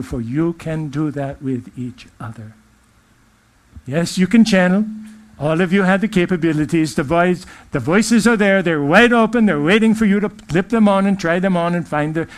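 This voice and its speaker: A man's voice: on the high side, normal speed, close to an everyday voice. Man channeling Ilra, an otherworldly spirit. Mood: gentle uplifting. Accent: put-on English-sounding. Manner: gentle, tender, uplifting. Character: benevolent otherworldly male spirit speaking to an audience.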